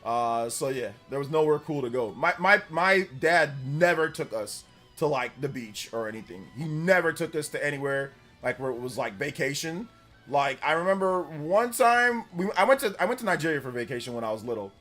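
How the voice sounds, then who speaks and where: A man's voice: a little high, animated, normal speed, soft background music. A man in his forties from Central California, chatting casually on a live stream in a rambling, filler-heavy way. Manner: loud, laughing retelling of stories. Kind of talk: casual live-stream chat, reading donations.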